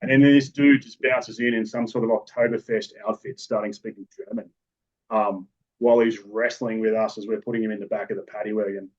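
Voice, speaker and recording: A low-pitched Australian man recounts his police work in a podcast interview. He talks matter-of-factly and rambles, often restarting his sentences. The recording sounds dull and lo-fi. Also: fairly even intonation, a little fast, darkish tone. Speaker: police officer guest.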